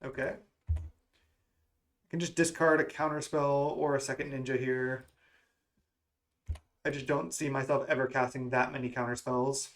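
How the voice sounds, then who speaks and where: Gaming creator, male, mid pitch, casual running commentary on his own play. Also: little pitch movement, unhurried, pauses often. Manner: musing, self-questioning strategy talk. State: has the hiccups. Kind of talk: thinking aloud during card game play.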